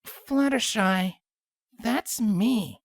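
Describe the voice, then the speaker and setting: A woman voicing a tired, exasperated young female pony princess in a storybook reading, with a deadpan, weary delivery. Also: a little high, drawn-out words, dry recording, studio quality, pitched above the performer's own voice.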